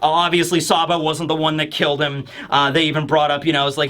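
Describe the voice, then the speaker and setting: Animated high-voiced man reviewing manga. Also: fast talker, few pauses. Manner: rambling and animated, with many fillers. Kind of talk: casual commentary.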